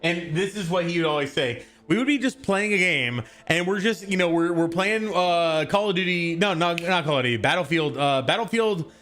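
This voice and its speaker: Excitable streamer with a bright, lively voice. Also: mid-range voice, normal speed, few pauses. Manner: excitable, swears and laughs often. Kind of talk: live-stream chat.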